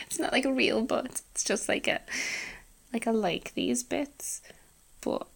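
Husky Scouse woman, whispered role-play. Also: fairly high pitch, steady tone, takes it slowly, pauses often. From England. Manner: intimate, playful, with frequent soft laughs and murmurs. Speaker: audio role-play performer.

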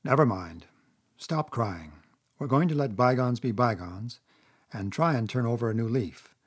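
A man's voice: mid-range voice, lively intonation, a little slow, breathy edge. A man voicing a stern, wise old male badger with a thin, dry voice and a commanding manner. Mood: kindly. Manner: severe and commanding.

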